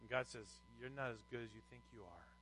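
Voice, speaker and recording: A man's voice: mid-range voice, quick pace, fairly bright tone, slight background noise, low-quality recording. A middle-aged man preaching a sermon as a pastor, reading scripture and telling anecdotes with rising emphasis.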